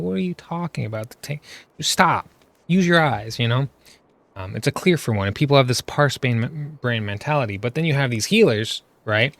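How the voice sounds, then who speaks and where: A gaming commentator with a medium-pitched, fairly bright voice rants in exasperation over gameplay footage. He's casual and chatty, constantly tacking on "right?" and "you know what I mean?", and the recording has no room sound.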